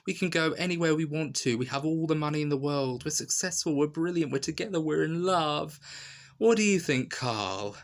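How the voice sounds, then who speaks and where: A gushing young woman, as a man puts her on, giddy and breathless, her voice pushed up high and bright. She rushes through her words in an eager, lovestruck way. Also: expressive.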